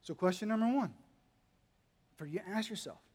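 Male pastor, high voice, dynamic sermon delivery with humor, hall reverb. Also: expressive, moderate pace, husky. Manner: dynamic, swinging between quiet asides and loud emphatic lines; humorous, teasing the congregation. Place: church hall.

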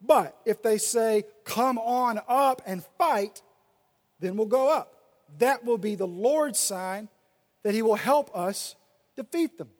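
A male pastor preaching a sermon and reading scripture aloud, swinging between loud and soft delivery. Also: extremely high pitch, slow pace. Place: church sanctuary. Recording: long reverb of a large hall.

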